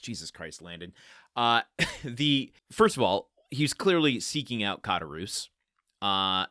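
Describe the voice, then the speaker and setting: A man hosting a book podcast who reads aloud and then thinks out loud, rambling and interrupting himself. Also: low-pitched, dry recording, studio quality. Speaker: podcast host. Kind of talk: book-reading podcast with commentary.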